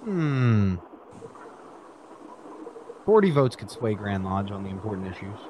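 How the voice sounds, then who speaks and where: A man's voice: lowish voice, big pitch swings, measured pace, lo-fi sound, a little hiss or hum. A man co-hosting a casual chat, adding dry, joking asides. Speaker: podcast co-host.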